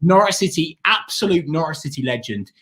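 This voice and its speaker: A man co-hosting a fan watchalong, commenting on the match in a relaxed, drawn-out way that breaks into excited shouting. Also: a little high. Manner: goes from slow chat to ecstatic shouting and singing. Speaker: fan channel co-host.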